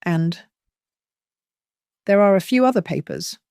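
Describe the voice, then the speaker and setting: A narrator voicing a manipulative middle-aged husband who talks in a cloying, condescending, soothing way. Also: male voice, high voice, a little slow, darkish tone, no room sound, studio quality. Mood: urgent.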